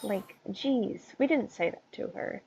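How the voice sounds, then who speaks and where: A woman's voice: mid-range voice, animated, a little slow, creaky, rough recording. A teenage girl in a casual rant, rambling through a story with many fillers and tangents. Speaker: vlogger. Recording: loud background noise and clicks.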